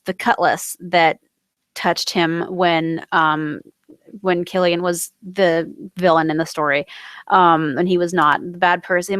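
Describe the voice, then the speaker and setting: A young woman from the United States, recapping a TV episode in a rambling, excitable way full of fillers and self-corrections. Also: lowish voice, no echo. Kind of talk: casual chat.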